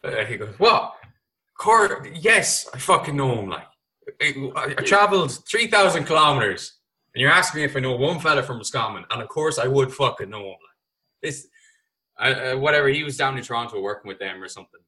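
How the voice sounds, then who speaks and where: A man's voice: medium pitch, animated, fairly quick, bright, forceful tone, poor audio. A young Irish man talking casually as a podcast guest, rambling with lots of fillers and swearing. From Ireland. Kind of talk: casual chat.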